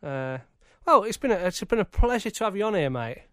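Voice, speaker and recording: A man's voice: sits high, big pitch swings, brisk, a bit bright. A man with a Geordie accent hosting a podcast, chatting matily with a guest and laughing often. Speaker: podcast host. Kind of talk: casual chat.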